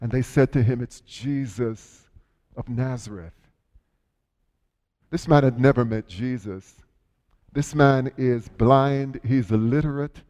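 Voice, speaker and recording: A man's voice: medium pitch, a little slow. Man preaching a dramatic sermon in a hall. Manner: storytelling, dramatic shifts in loudness and pace. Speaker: pastor.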